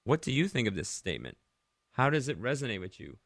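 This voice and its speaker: A man's voice: medium pitch, very animated, quick pace, a bit bright, no echo, clean studio sound. A man from Rhode Island hosting a Christian radio show, talking conversationally, asking listeners many questions and leading a prayer. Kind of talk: devotional radio talk and prayer.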